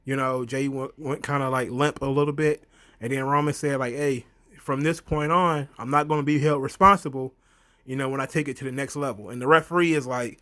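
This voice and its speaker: Animated man recapping with playful asides. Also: moderate pace. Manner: animated storyteller, acts out quotes in high voices; frequent fillers, laughs often. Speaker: wrestling reviewer. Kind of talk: casual recap monologue.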